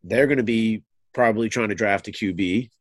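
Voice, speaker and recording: A congested man co-hosting a sports podcast, thinking aloud in a halting, casual way. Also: lowish voice, no room sound. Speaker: podcast co-host.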